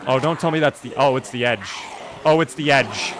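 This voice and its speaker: A man streaming a game live, commenting in an animated, jokey way and talking to his chat. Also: medium pitch, normal speed, heavy background noise.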